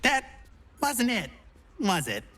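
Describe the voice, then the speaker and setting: A woman's voice: fairly high pitch, wildly swooping pitch, slow, a bit bright, a little hiss or hum, full character voice. A woman voicing a bubbly, silly young adventurer in a video game who keeps trying out new classes and talks in a playful, theatrical, teasing way.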